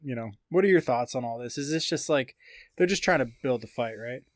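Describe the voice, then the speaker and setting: A man's voice: medium pitch, fairly quick, dry recording, clean studio sound. Rambling man chatting fight news. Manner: rambling, many fillers, reads quotes aloud. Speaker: podcast co-host. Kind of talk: casual podcast chat about fight news.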